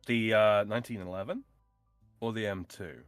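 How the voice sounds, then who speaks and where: A man's voice: lowish voice, steady tone, normal speed, smooth, no echo, soft background music. A man co-hosting a casual chat, teasing with playful questions.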